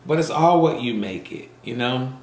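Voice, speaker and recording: A man's voice: mid-range voice, expressive, moderate pace, reverberant. A man vlogging to camera in a casual, earnest and encouraging way, repeating phrases for emphasis. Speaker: mukbang vlogger. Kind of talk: heartfelt casual monologue.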